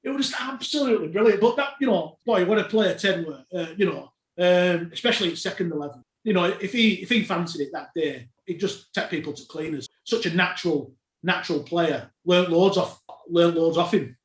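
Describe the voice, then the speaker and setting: A man tells club stories as a podcast guest, his voice pitched fairly high for a man. He talks in a relaxed, animated way and keeps breaking into laughter. The room around him gives a noticeable echo. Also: a little fast, hardly any pauses. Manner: animated anecdotes, laughs while telling. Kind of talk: casual storytelling. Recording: roomy echo.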